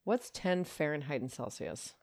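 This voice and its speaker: A woman co-hosting a podcast in casual, playful chat, often giggling and making big jumps in pitch. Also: very animated, moderate pace, vocal fry, a little mellow, no echo, studio quality. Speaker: podcast co-host.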